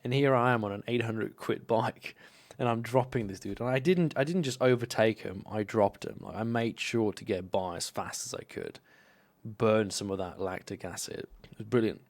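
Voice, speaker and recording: A man's voice: on the low side, normal speed. A young man from Slovenia telling rambling, profane stories in a casual live stream. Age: young adult. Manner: rambling, profane, animated anecdotes.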